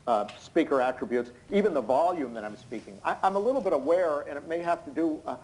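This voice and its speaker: A hoarse, tired man giving expert courtroom testimony over a video call, explaining in an unnaturally loud voice with many hesitant fillers. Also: a little high, animated, fast talker, hardly any pauses, low-quality recording. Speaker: expert witness. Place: indoors in London at night.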